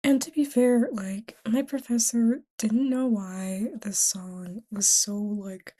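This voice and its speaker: A woman's voice: mid-range voice, flat delivery, slow pace, hardly any pauses, mellow. A tired young woman vlogging in a casual, rambling way, often dropping to a whisper between fillers. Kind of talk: casual confessional chat.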